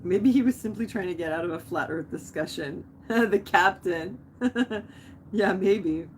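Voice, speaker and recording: A woman's voice: mid-range voice, measured pace, slight background noise. A young woman hosting a live stream, chatting casually, rambling off on tangents and answering viewer comments.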